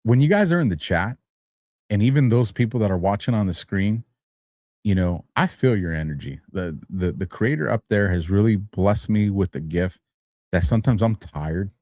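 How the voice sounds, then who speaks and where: A man's voice: on the low side, animated, moderate pace, dry recording, studio quality. Tired man rambling on a livestream. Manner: rambling, chuckles between phrases, grows heated and louder when arguing. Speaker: host of a live-streamed talk show. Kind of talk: casual live-stream commentary. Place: studio.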